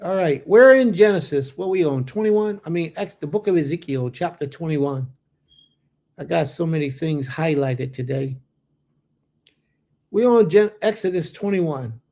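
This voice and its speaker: A Bible teacher hosts a casual livestream lesson, chatting straight to his viewers in loose, slangy language. His voice sits fairly high, with expressive delivery, a measured pace and a warm tone.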